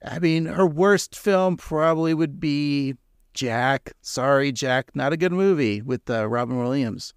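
A man's voice: on the high side, measured pace, clear, resonant tone, dry recording. Jokey man with a dry close voice. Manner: jokey, rambling, laughs often. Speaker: podcast co-host. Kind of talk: casual podcast chat.

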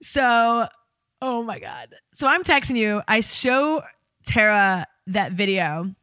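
A woman's voice: fairly high pitch, lively intonation, slow pace, pushed and bright, no room sound, studio quality. A woman co-hosting a casual chat, telling bawdy stories frankly and laughing often. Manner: candid, bawdy storytelling with frequent laughter. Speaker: podcast co-host.

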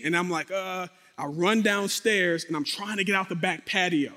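A man with a fairly high voice tells a dramatic personal testimony. He speaks straight to his listeners and acts out sounds and voices as he goes. His voice rings with long reverb, as if in a large hall. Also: moderate pace. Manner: animated, acts out sound effects and quotes; addresses the audience directly.

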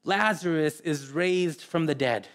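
A man preaching a sermon in an earnest way, often repeating words and pausing. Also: a little high. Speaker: pastor.

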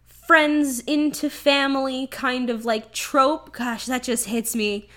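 High-pitched woman rambling about a movie, lots of "like" and swearing, animated. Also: takes it slowly. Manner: animated, swears freely, many "like" fillers. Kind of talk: casual chat recapping a movie.

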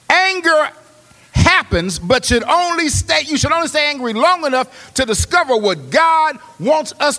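Lively man preaching in a reverberant hall. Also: very high-pitched. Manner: preaching, swings from hushed storytelling to loud exhortation. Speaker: pastor. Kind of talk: sermon. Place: church.

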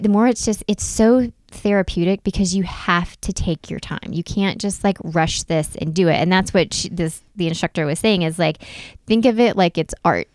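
A woman in her thirties talks casually as a co-host. Her voice sits a little low, and she chats in an animated, story-driven way full of "like". The sound is dry and close. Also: no echo. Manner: chatty, animated storytelling with frequent "like". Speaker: podcast co-host. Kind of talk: casual chat.

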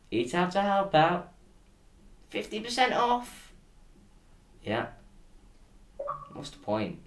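A British man hosting a solo podcast, ranting with sarcasm and frequent swearing. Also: medium pitch. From United Kingdom. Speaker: podcast host. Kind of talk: casual solo podcast rant.

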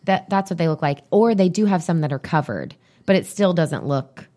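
A woman's voice: fairly low pitch, moderate pace, warm tone. A woman co-hosting a podcast, chatting casually and rambling as she reads items off a list. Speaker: podcast co-host. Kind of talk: casual chat.

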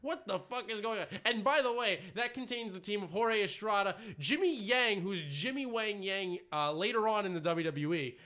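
A man's voice: high-pitched, moderate pace, hardly any pauses, pushed and bright. A man co-hosting a casual review podcast, recapping with profane asides and mocking quotes. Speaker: podcast co-host.

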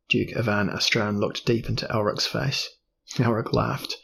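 A man narrating a fantasy novel in a steady storytelling voice. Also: lowish voice, measured pace, gravelly, slight background noise. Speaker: audiobook narrator.

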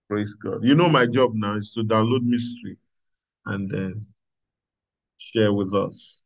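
A man's voice: on the low side, steady tone, slow pace, pauses often, poor audio. A man pastoring a prayer meeting, preaching earnestly and repeating himself with frequent hallelujahs. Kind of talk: sermon.

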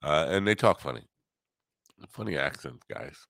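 A man's voice: extremely low pitch, expressive, moderate pace, creaky, a bit bright, no room sound. A middle-aged man hosting a solo morning chat show, rambling with wry, teasing humor. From US Northeast. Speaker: podcast host.

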